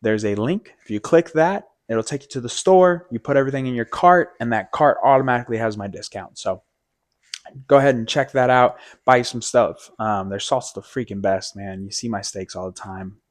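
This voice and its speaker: A relaxed male podcast host, talking in an easygoing, joking way and swearing freely. His voice sits at an ordinary middle pitch for a man. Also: brisk. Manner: laid-back, swears casually, joking. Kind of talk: casual podcast chat.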